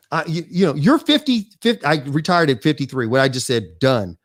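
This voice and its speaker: Man in his fifties, fairly high voice, animated rambling storyteller, lots of restarts, casual interview guest. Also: brisk, hardly any pauses. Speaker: guest, real estate investor.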